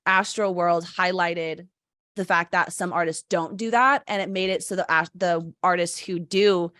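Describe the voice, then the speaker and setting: A woman's voice: on the low side, steady tone, normal speed, fairly bright tone, no room sound, clean studio sound. A woman in her twenties hosting a casual podcast, chatty and swearing freely as she acts out quotes. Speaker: podcast host.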